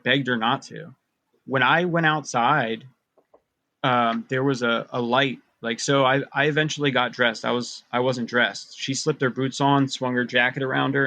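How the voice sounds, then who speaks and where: Gravelly-voiced man telling a story. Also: mid-range voice, bright, forceful tone, dry recording. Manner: rambling, restarts often, uses "like" a lot. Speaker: guest, author recounting abduction experiences. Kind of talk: casual storytelling.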